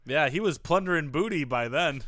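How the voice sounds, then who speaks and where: A man's voice: on the high side, animated, a little fast, fairly bright tone, no room sound. A young man co-hosting a comedy podcast who teases and wisecracks. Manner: teasing, wisecracking. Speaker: co-host.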